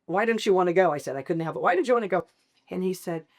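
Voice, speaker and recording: Middle-aged woman guest, lower voice, emotional storytelling that acts out what others said. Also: racing. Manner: expressive, laughs often, acts out quoted dialogue. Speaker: podcast guest.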